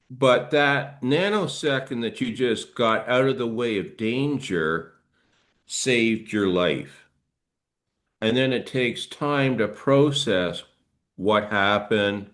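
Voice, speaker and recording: A middle-aged man, a trauma therapist, gently guiding listeners through arm-swing exercises and explaining body reactions. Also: mid-range voice, slow. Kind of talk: guided movement instruction.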